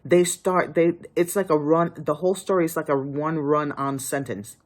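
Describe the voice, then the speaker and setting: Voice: medium pitch, steady tone, normal speed. Author giving writing tips, casual advice, emphatic, pleading, restarts sentences.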